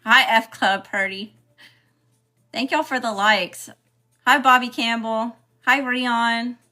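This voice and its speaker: A woman's voice: a little high, steady tone, slow pace, sharp tone, faint music behind. A woman hosting a spiritual livestream, chatting casually and greeting viewers by name.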